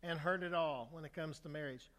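An older male pastor preaching a sermon in a relaxed, storytelling way, with humor, asking the congregation questions. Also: on the high side, a little fast, in a large hall. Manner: conversational storytelling with humor, asks the crowd for a show of hands. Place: church sanctuary.

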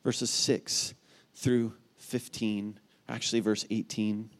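A man preaching a sermon, telling stories with animated energy and often asking "right?" of his listeners. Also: lowish voice, takes it slowly. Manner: animated storytelling, rising to near shouting at climaxes; asks the congregation "right?" again and again. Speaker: pastor.

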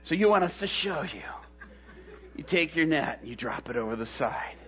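A man voicing Peter, a stubborn, sarcastic adult fisherman, mocking and often shouting, on a dull lo-fi recording. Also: very high-pitched, big pitch swings, moderate pace, voice pushed up, heavily acted. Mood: sarcastic pleading.

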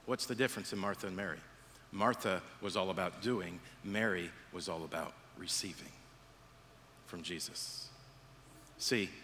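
A man preaching a sermon as pastor, telling stories with acted-out voices and dropping low and quiet for emphasis. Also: in a large hall, a little hiss or hum. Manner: animated storytelling, acts out voices, drops low and quiet for emphasis.

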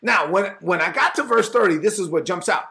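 Male preacher, high voice, casual conversational sermon, animated, acts out scenes. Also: brisk, creaky.

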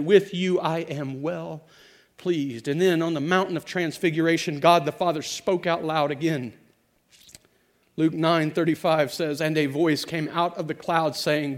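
A man preaching a sermon, moving from hushed, quiet passages to loud, emphatic declarations and slowing to stress key words. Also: a little high. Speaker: pastor.

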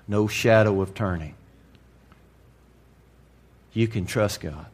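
A man preaching to a congregation in a candid, folksy way, dropping to a hush and then rising to loud emphasis. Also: lowish voice, slow, long pauses. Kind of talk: sermon.

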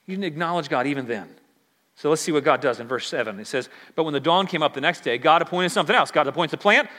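Male pastor, sermon, conversational and emphatic, higher voice, bright tone. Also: in a large hall.

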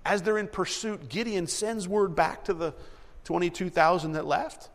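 A man preaching and reading Bible verses aloud, animated and repeating himself as he acts out the story. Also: sits high, moderate pace, in a large hall. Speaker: preacher teaching a Bible passage.

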